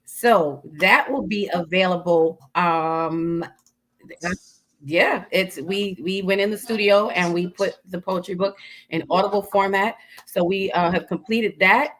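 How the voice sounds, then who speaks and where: A woman author as guest in a casual interview, friendly and unhurried as she talks about her books. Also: fairly low pitch, a bit bright, poor audio.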